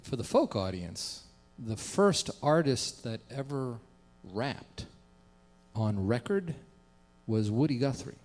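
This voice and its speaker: A man's voice: medium pitch, big pitch swings, slow, a little mellow. A man hosting a live radio show, enthusiastic and folksy, addressing his radio audience. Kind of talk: live broadcast interview. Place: concert stage before a live audience. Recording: long hall reverb, audience around.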